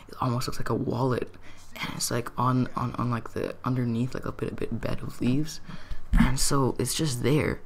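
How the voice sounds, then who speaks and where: A young man telling a story in a casual, rambling vlog, full of "like" and "dude" and growing excited. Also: medium pitch, moderate pace, vocal fry, slight background noise.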